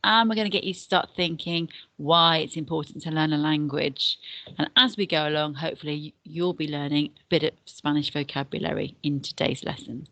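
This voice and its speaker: A woman's voice: low-pitched, a little fast, fairly bright tone, dry recording. A woman teacher giving a recorded beginner language lesson, explaining patiently and step by step, often repeating words to pupils. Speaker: deputy head and Spanish teacher.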